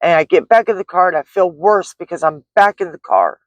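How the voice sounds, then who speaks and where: This is a shaken, rambling vlog story from a middle-aged woman who works as a delivery driver, recounting a frightening event with many restarts and fillers. Her lowish voice moves fairly quickly on a dry, muffled recording.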